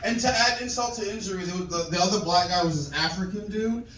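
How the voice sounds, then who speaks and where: A man performing a stand-up comedy set in a club, animated and acting out other people's voices. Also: high-pitched, fast talker, few pauses, echoey room, far from the mic, slight background noise, rough recording. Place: comedy club with live audience.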